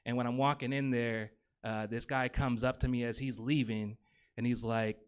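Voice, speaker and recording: Rambling stand-up comic, full of ums. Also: male voice, medium pitch, a bit bright, clean tone. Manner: rambling, filler-heavy, self-deprecating. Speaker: stand-up comedian. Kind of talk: stand-up comedy. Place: comedy theater stage.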